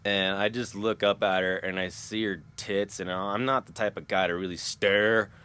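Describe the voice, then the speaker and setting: Rambling low-voiced man vlogging. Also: fairly even intonation, normal speed, bright, forceful tone, clear, resonant tone. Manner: rambling, chuckling, loses his train of thought. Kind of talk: casual vlog monologue.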